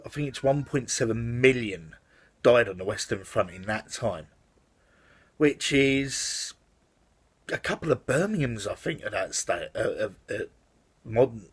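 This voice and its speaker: A man's voice: lowish voice, slightly rough. A man casually reviewing a film in his vlog, rambling with lots of fillers and restarts. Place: outside the house.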